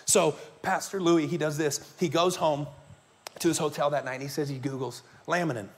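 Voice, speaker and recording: A man's voice: a little high, fairly even intonation, normal speed. A man preaching a sermon as pastor to his congregation, telling stories in a conversational way and asking the listeners questions. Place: church sanctuary before a congregation.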